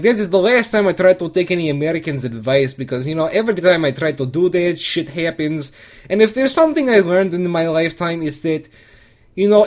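A man's voice: high voice, a little mellow. A man delivering a comedic first-person monologue, rambling and crude, with lots of restarts.

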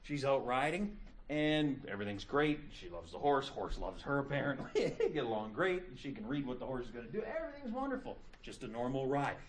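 A man's voice: medium pitch, very animated, brisk, few pauses, slight background noise. A middle-aged man teaching a class, lecturing casually and telling stories with jokes. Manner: casual, joking storyteller.

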